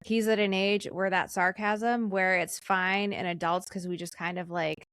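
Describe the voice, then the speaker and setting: A woman hosting a casual podcast, quick and witty with a sarcastic edge and frequent laughter. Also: medium pitch, flat delivery, a bit bright, smooth, no echo. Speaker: podcast host.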